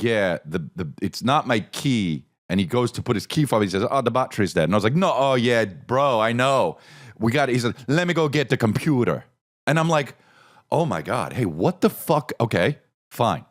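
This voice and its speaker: Middle-aged guy riffing on a podcast, pitch jumping all over, swears a lot, does little voices for people in his story. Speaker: podcast host. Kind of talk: comedic storytelling.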